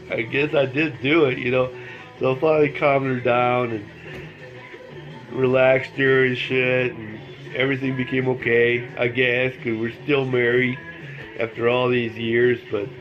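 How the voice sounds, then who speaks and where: A man's voice: mid-range voice, highs cut off. An older man telling a rambling personal story in casual, plain speech, repeating phrases and cursing freely. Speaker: vlogger telling life stories.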